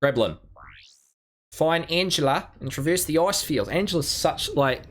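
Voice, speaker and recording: A man's voice: on the high side, animated, measured pace, a bit bright. A man streaming a video game, chatting casually with frequent ums and chuckles. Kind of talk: casual live gameplay commentary. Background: faint game music.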